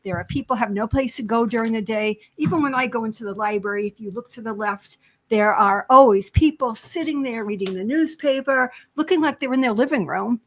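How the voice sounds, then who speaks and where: An older woman talks in a lively, eager flow, the kind of self-admitted talker who laughs as she goes. Her voice sits a little on the high side for a woman, and she chats about helping people in her community as a guest on a local talk show. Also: fairly quick. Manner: talkative, eager, laughs often. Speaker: library volunteer advocate guest. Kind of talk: chatty talk show interview.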